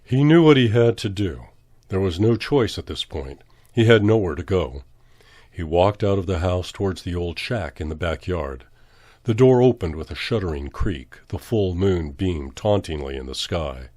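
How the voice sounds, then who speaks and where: A man reading a horror story aloud in a measured, dramatic way. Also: sits low, expressive, mellow, dry recording, clean studio sound. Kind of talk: scripted horror narration.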